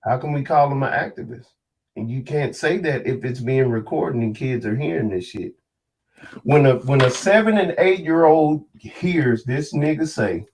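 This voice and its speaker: A man's voice: mid-range voice, animated, moderate pace, darkish tone, far from the mic. Angry, preachy man, a bit off-mic. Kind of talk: heated casual podcast talk.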